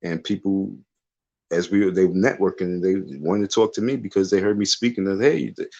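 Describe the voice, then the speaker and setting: A man's voice: deep voice, steady tone, fairly quick, darkish tone, lo-fi sound. A man ranting on his livestream, emphatic and repetitive, dismissive as he drags out his insistence. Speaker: live streamer. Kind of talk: casual livestream rant.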